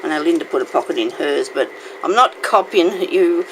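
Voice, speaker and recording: In this noisy home recording, a woman runs a relaxed crafting tutorial, chatting with viewers and muttering to herself while she works. Her voice is low-pitched with animated intonation, at a normal speed.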